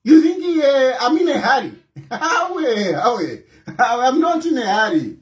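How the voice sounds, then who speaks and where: A man's voice: extremely high pitch, big pitch swings, measured pace. A Zambian man with a Zambian accent, an opposition party leader giving impassioned political commentary, emphatic and scolding, repeating his points.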